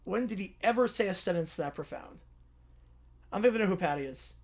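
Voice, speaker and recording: A man's voice: sits high, expressive, brisk. A man hosting a livestream in a loose, chatty way. He reads and reacts with easy amusement, talking to his viewers. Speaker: livestream host. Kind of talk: casual livestream commentary.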